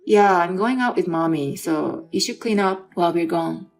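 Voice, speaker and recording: A woman's voice: on the low side, normal speed, creaky, soft background music. A woman voicing an adult husband in a dramatized story. He pleads and makes demands, then brushes things off. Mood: dismissive.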